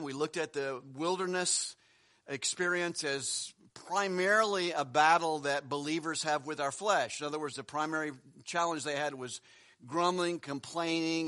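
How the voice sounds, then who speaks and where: A male pastor delivering a sermon in a loose, conversational way, pausing on fillers and restarting phrases. His voice sits high for a man and sounds bright and forceful, carrying across the congregation.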